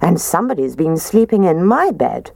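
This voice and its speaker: A kindly mother bear, as a woman narrator puts her on speaks in a gentle, homely way. Her voice sits a little higher than the reader's own in this dry storybook recording. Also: very animated, normal speed, vocal fry, dry recording, exaggerated voice.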